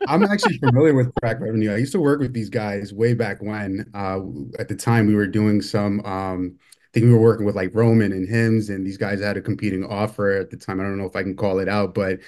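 A man's voice: lowish voice, steady tone, fairly quick, darkish tone. A man guesting on a podcast, chatting in an easygoing, rambling way. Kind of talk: casual podcast chat.

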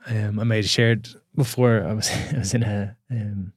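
Guy on a podcast mic, earnest and halting, lowish voice, dry sound. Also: steady tone, slightly rough, no echo. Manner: earnest, halting with repeated words. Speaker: podcast guest, coach. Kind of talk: reflective storytelling.

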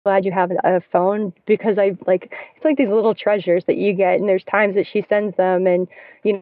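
A woman's voice: mid-range voice, fairly even intonation, brisk, no echo. A woman in her thirties, a guest in casual conversation, talking in a chatty way with many fillers and restarts, recorded from her car. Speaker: podcast guest, parent. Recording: tinny phone-line sound.

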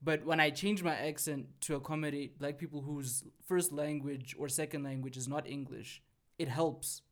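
A man's voice: a little high, fairly even intonation, moderate pace. A young man from South Africa in a casual chat, talking animatedly, swearing freely and repeating himself for emphasis.

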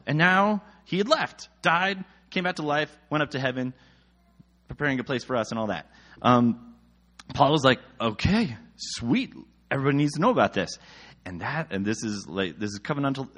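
A young male preacher retells a scripture story in loose, slangy speech. His husky voice jumps up and down all the time, and he slips into the voices of the people in the story. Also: medium pitch. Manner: animated, slangy, acts out quoted voices. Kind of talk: casual retelling of a Bible story.

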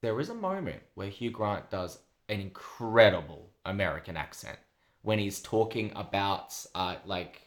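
A man's voice: fairly low pitch, expressive, normal speed. Rambling male podcast co-host. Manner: rambling, filler-heavy, enthusiastic. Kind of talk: casual chat reviewing a TV show.

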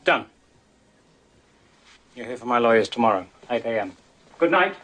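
A man's voice: expressive, normal speed, a bit bright. An actor playing a proud wealthy businessman who makes cold, clipped threats in a film scene. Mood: curt. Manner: clipped, menacing, low-key threats. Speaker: rival tycoon in a film scene.

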